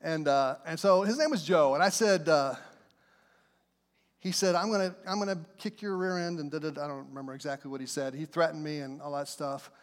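A man's voice: fairly high pitch, brisk, big-room sound. A middle-aged man preaching a sermon as a pastor, telling stories in a folksy, plain way. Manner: folksy storytelling, plain speech.

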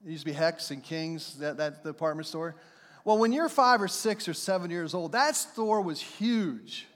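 A male pastor with a high voice preaches a lively, story-driven sermon at a normal speed, speaking directly to his congregation. He tells stories animatedly and acts out shouts and quotes, and a long reverb tail makes it sound like a large church sanctuary.

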